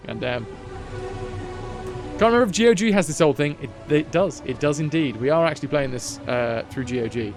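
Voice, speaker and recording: A man with a higher voice and lively intonation keeps a moderate pace against soft background music. He offers relaxed, rambling commentary while streaming a game, cracking jokes and interrupting himself only to pick back up again.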